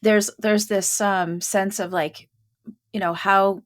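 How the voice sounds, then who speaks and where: A woman's voice: medium pitch, steady tone, slow pace. Chatty woman hosting a podcast. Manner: chatty, many fillers like "like" and "you know". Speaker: podcast host. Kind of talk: casual podcast interview.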